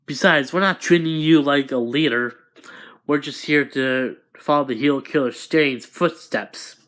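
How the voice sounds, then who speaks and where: A man's voice: mid-range voice, unhurried, a bit bright, natural voice. A man voicing a male villain henchman who apologizes in a raised, pleading voice. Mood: apologetic.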